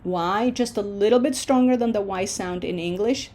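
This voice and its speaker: A woman's voice: medium pitch, moderate pace, hardly any pauses, darkish tone. A woman teaching a Spanish pronunciation lesson, stretching out model words with long vowels and asking and answering her own questions.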